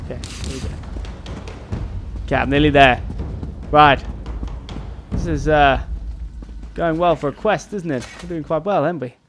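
A man's voice: fairly high pitch, normal speed, long pauses, a bit bright. A man giving playful, joking commentary while playing a video game. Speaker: gaming channel host. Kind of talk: let's-play commentary. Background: game music.

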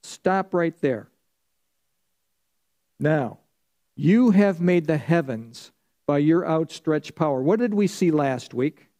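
Man, Bible study teacher, slightly high, mellow voice, conversational, quizzes the class. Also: expressive, takes it slowly, pauses often. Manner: conversational teaching, asks the class questions and answers them. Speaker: pastor. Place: church.

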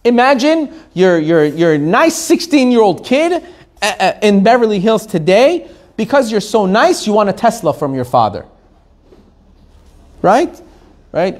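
A man, a rabbi, teaching a Torah class to a live audience, animated, asking the room questions and laughing often. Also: high voice, measured pace.

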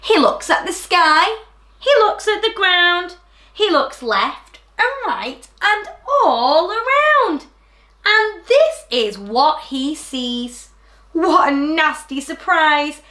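A high, bright-voiced woman reads a rhyming storybook slowly to young listeners. She has a sing-song, animated delivery and speaks to the children directly. The room sounds echoey. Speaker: teacher reading a picture book. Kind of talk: storybook read-aloud for children.

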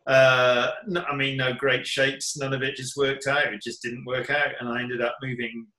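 A man in his fifties from England talks casually as an interview guest. He rambles with many ums and restarts, and his bright, forceful voice rings in a roomy echo. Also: medium pitch, little pitch movement, moderate pace. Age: 50s. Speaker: comic artist guest. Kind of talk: casual chat.

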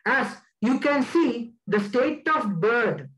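A man's voice: very high-pitched, lively intonation, slow, fairly bright tone, rough recording. Male guest speaker, earnest and emphatic, lecturing to students. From India. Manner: earnest, emphatic, stresses key words. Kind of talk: talk on wildlife conservation.

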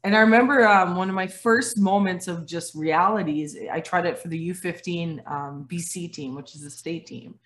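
Her voice sits on the low side, at normal speed with few pauses, as this woman in her forties guests on a video call. Born in Dominica and raised in Canada, the former athlete tells stories with animation, laughing often and performing the quoted voices.

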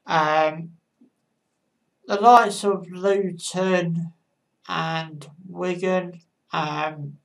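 A woman casually giving football match predictions, with a halting delivery and frequent pauses. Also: lowish voice, fairly even intonation. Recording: voice a bit far from the mic.

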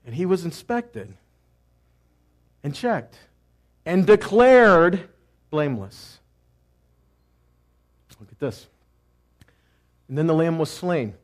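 A man teaching a sermon who asks questions and answers them himself, moving between loud cries and quiet asides. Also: fairly high pitch, sing-song, takes it slowly, long pauses. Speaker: messianic teacher.

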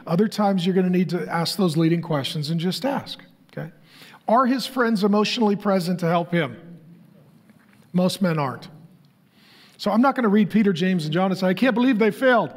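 A man's voice: high voice, moderate pace, pauses often. A middle-aged man, a pastor, preaching a conversational sermon that keeps throwing rhetorical questions at the crowd.

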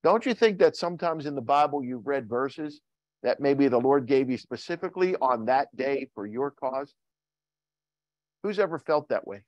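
A man's voice: medium pitch, animated, moderate pace, dry recording, dull audio. A man preaching a sermon as pastor, reading scripture in King James wording and asking the congregation questions.

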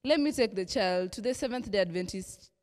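A woman's voice: medium pitch, lively intonation, a little fast, a little mellow, in a large hall, natural voice. A woman voicing a caring aunt who earnestly suggests taking the child to church. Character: caring aunt from the big city.

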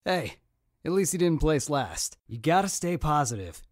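A man's voice: a little high, big pitch swings, normal speed, dry recording, clean studio sound. An actor playing a friendly young male buddy, talking with upbeat, bro-ish encouragement.

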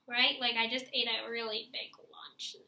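A woman's voice: fairly high pitch, level tone, moderate pace, pushed and bright, echoey room, a little hiss or hum, low-quality recording. A woman teaching a clarinet lesson, encouraging her students and guiding them step by step through stretches and breathing, with audible breaths and sighs as she demonstrates. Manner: encouraging, guides listeners step by step. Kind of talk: instructional video lesson.

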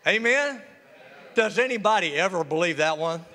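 A man's voice: high voice, animated, moderate pace, sharp tone. A male pastor, preaching a sermon in a church with humor and call-and-response. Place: church sanctuary. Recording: reverberant church hall.

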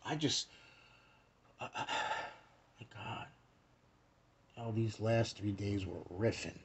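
A young man hosting an astrology talk in a casual, rambling way, swearing and jumping between shouts and whispers as he acts out quotes. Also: on the low side, fairly even intonation, slow pace, pauses often, a little hiss or hum.

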